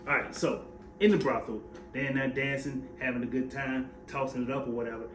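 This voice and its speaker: A man's voice: mid-range voice, fairly quick, faint music behind. Blunt man co-hosting a TV recap. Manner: blunt, emphatic opinions. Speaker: podcast co-host. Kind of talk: casual TV recap chat. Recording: echoey room with faint noise.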